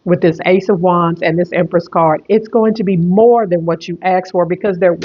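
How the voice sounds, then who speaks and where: Tarot reader, online reading, repetitive, emphatic, rambling, mid-pitched, slightly dull lo-fi sound. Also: fairly even intonation, normal speed, hardly any pauses, slightly rough.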